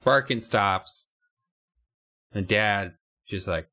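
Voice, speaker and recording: Low-voiced man joking wryly. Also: expressive, measured pace, a bit bright. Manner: wry, profane joking. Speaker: podcast co-host. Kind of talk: casual chat.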